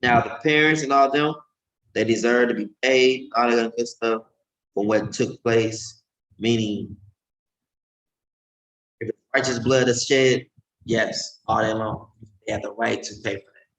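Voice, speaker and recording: A man preaching informally and emphatically, swinging between loud outbursts and low murmurs. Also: fairly even intonation, a little slow, long pauses. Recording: roomy echo.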